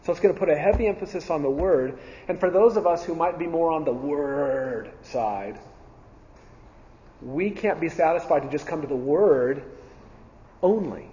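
A man's voice: on the high side, normal speed, dark tone, a little hiss or hum. A man teaching a Bible class in a church setting, earnest, repeating key phrases with frequent ums and restarts. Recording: dull sound with long reverb in a hall.

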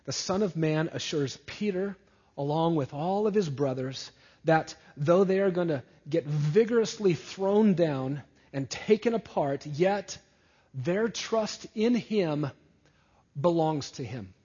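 Slow, husky-voiced preacher man. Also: expressive, dull audio. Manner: deliberate preaching, dropping low and soft at phrase ends. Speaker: pastor. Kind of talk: sermon.

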